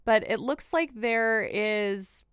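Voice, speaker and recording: A woman co-hosts a casual podcast, telling things in a wry, drawn-out way and swearing now and then. Her voice is smooth and clear. It sounds dry and close to the mic. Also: medium pitch, a bit bright, dry recording. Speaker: podcast co-host. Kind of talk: casual chat.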